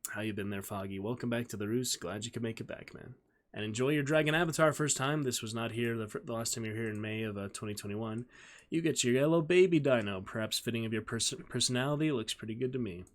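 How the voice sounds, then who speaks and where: A male streamer who greets his chat in an upbeat way and reads a story aloud in a steady narrating voice. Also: medium pitch, fast.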